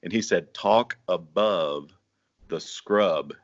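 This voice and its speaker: Deep-voiced man hosting a chat. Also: slow. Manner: friendly, laughs easily, agrees often. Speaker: host, bass singer. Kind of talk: casual interview chat. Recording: dull sound.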